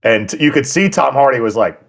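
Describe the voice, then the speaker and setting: A man's voice: medium pitch, lively intonation, gravelly. A man co-hosting a podcast, chatting casually and often restarting his sentences. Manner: halting, restarts often while telling stories. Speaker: podcast co-host.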